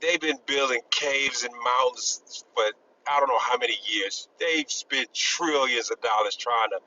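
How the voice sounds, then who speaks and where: A man in a casual group discussion, talking in a rambling, halting way with many restarts and emphatic bursts. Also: medium pitch, bright, forceful tone, highs cut off, a little hiss or hum. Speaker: discussion panelist.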